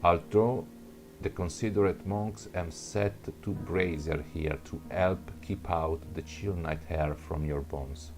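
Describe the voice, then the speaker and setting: A man's voice: sits low, slow pace, a little mellow, soft background music. A man with another first language reading a second-person adventure story aloud, stumbling and restarting words. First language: not English. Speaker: narrator.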